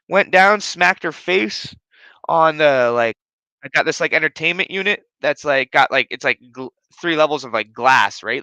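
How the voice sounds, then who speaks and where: A man's voice: on the high side, pushed and bright, clear, resonant tone, dry recording, highs cut off. A man hosting a casual home podcast, telling a rambling, profanity-heavy story full of fillers. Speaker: podcast host. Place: his living room at home. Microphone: streaming setup.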